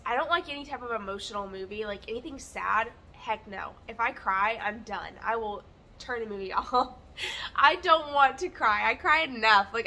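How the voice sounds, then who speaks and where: A woman vlogging her day in a rambling, chatty, candid way, relaxed, with fillers and light laughs. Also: mid-range voice, gravelly, a little hiss or hum. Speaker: lifestyle vlogger. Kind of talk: chatty day-in-the-life vlog.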